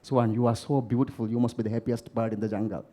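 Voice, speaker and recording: A man voicing an envious little crow who flatters the other birds in a fable. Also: medium pitch, fast talker, voice pushed down, natural voice. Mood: admiring. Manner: flattering, awed.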